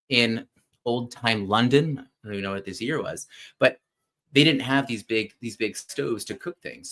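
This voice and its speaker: Host-type man, chatty storyteller, keeps asking "right?", thinks aloud with fillers and restarts. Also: medium pitch. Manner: animated, keeps checking in with listeners with "right?". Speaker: podcast host. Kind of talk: casual retelling of a classic story.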